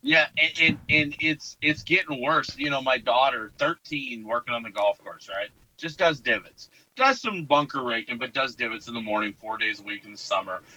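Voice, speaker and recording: A man's voice: mid-range voice, moderate pace, hardly any pauses, lo-fi sound. A man chatting casually, telling stories and acting out what people said to him. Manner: storytelling, animated quotes. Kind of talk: casual podcast chat.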